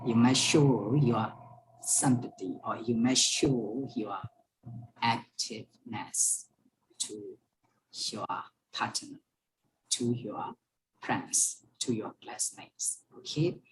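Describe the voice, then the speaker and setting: Brief: female teacher, online class, patient storytelling, repeats every line, very slow pace. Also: rumbling low, background noise. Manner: slow, repeats each sentence and explains words. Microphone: online class microphone.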